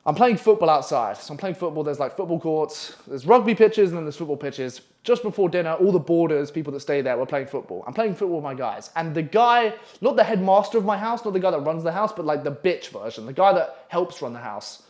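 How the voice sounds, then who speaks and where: A young man telling a story casually, profane and animated with lots of fillers. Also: on the high side, fairly quick, few pauses.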